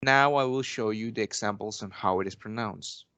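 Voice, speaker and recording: A man's voice: lowish voice, moderate pace, bright, forceful tone, smooth, no room sound. Young man teaching in a dry room. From Mexico. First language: Spanish. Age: young adult. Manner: formal, polite, stacks "actually" and restarts. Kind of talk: English lesson role-play.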